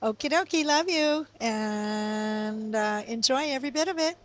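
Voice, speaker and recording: A woman leaving a gentle, hesitant birthday voice message as an aunt, with frequent pauses. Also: a little high. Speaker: aunt, party guest. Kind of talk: guest book voice message.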